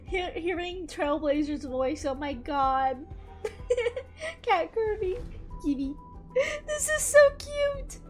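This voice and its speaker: A woman's voice: very high voice, lively intonation, slow. A young woman streamer chatting casually while playing a game, giggly and gushing. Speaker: gaming streamer. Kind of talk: casual let's-play chat. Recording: commentary over game music.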